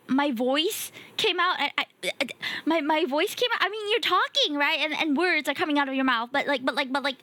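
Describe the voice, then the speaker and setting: A young woman streamer chatting casually with her viewers, giggly and animated. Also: high-pitched, no room sound. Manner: giggly and animated, talks to chat. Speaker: VTuber streamer. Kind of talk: casual livestream chat.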